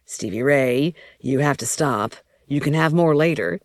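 A woman voicing a tearful, devoted young man who speaks softly and steadily. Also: rumbling low, unhurried. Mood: tender. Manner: soft, steady pleading.

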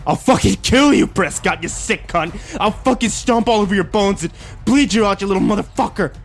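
A man voicing a desperate, furious young man who screams in a high, frantic voice. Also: expressive, brisk, faint music behind. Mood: enraged.

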